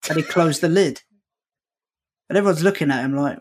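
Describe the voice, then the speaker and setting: A man tells a comic story as a podcast guest, switching into voices for the people he quotes. He talks in an animated way and swears freely, enjoying the tale as it unfolds. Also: a little high, a little fast, long pauses. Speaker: comedian guest.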